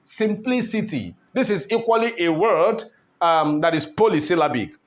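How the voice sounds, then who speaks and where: A man teaching an online English pronunciation lesson, speaking deliberately, repeating words and asking "all right?" as he goes. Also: fairly high pitch.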